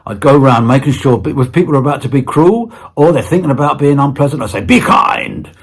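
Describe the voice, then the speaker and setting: A man's voice: mid-range voice, fast talker, a little mellow. A British man as an interview guest, chatting casually in a playful, rambling way with stammered restarts. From Britain. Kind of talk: casual chat.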